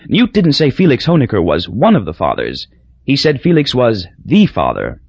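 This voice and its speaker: A man reading a novel aloud as the narrator, in a dry, measured storytelling manner. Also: medium pitch, huge pitch swings, creaky, darkish tone, slightly rough, no room sound. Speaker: audiobook narrator. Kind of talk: scripted narration. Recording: dull lo-fi recording.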